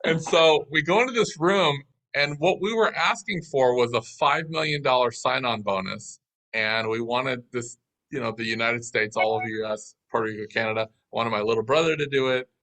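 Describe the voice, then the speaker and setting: A man telling a business story as an interview guest, in a lively, anecdotal way. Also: medium pitch, normal speed, poor audio.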